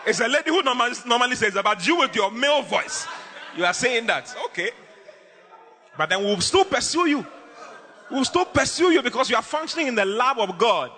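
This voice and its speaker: A man preaching a lively, humorous sermon as pastor, teasing his congregation with bursts of shouting. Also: extremely high pitch, fairly quick, in a large hall.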